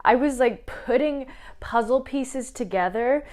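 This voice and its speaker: A young woman chatting casually as a book vlogger, emotional and quick to laugh and tear up. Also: a little high, a little mellow. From small town, Midwest US. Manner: chatty, emotional, laughs and tears up while talking. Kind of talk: casual chat.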